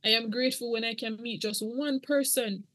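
A woman's voice: fairly high pitch, fairly even intonation, moderate pace, a bit bright, no room sound. A middle-aged woman, earnestly telling her own story as a podcast guest. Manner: earnest, emotional, church-toned. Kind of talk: podcast interview testimony.

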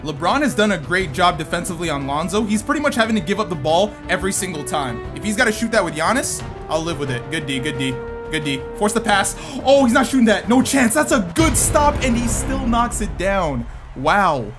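A man giving lively commentary over his own basketball video game match, talking to himself and his viewers and breaking into sudden shouts. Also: high voice, a little fast, over music. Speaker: gaming YouTuber. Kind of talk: live gameplay commentary.

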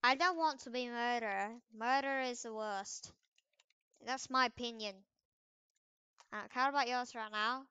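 A young woman giving casual commentary over a game she is playing, swinging between loud trash talk and quiet mumbled asides. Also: a little high, measured pace, pauses often, clean tone, no echo, muffled recording. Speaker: gaming video creator.

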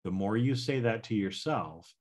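A man's voice: lowish voice, animated, normal speed, darkish tone. A man hosting a podcast, giving a casual motivational self-help talk and often checking in with "right?" and "okay?". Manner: casual, repeats "right?" and "okay?", coaching listeners. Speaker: podcast host.

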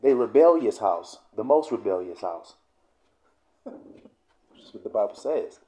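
Animated man teaching scripture in slang. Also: lowish voice. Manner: reads verses slowly, then explains in blunt profane slang. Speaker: Bible teacher. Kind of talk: casual scripture teaching video.

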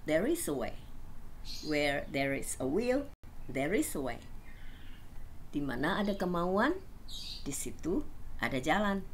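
A woman with a lowish voice reads short practice sentences as a language teacher, saying each one twice at an unhurried pace. A faint hiss sits under the recording. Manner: slow, deliberate repetition of each sentence. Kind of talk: reading phrase drills.

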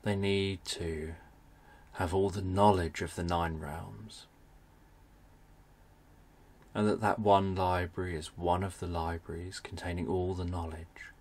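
A man narrating a bedtime story for adults, speaking in a soft, soothing way. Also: sits low, level tone, unhurried, long pauses, slightly rough.

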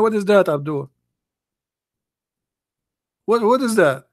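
A man's voice: high voice, no room sound, studio quality. A man hosting a livestream who mocks and taunts his viewers in a sarcastic way, often laughing and reading their chat comments aloud. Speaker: livestream host.

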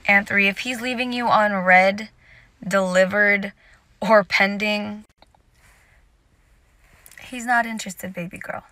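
A woman's voice: medium pitch, fairly even intonation, takes it slowly, pauses often, sharp tone, no echo. A young woman giving casual dating advice straight to camera, sassy and direct, calling her listeners sis.

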